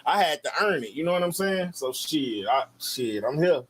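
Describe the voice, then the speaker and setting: A man from Chicago with a fairly high voice, talking as a guest in a casual sit-down interview. He tells his stories loosely and conversationally, piling on asides. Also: expressive, moderate pace, fairly bright tone, slightly rough, rough recording. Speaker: battle rapper guest.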